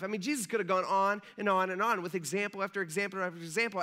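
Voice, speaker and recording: A man's voice: sits high, fairly even intonation, rapid-fire, few pauses, bright, forceful tone. A man, a pastor, preaching a casual sermon and acting out the lines of biblical figures in a conversational way. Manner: conversational, acts out dialogue voices. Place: church sanctuary.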